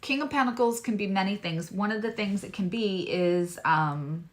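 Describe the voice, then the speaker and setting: A woman's voice: medium pitch, normal speed. A woman reading tarot cards on a live stream, chatting with viewers in a loose, digressive way. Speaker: tarot reader and astrologer.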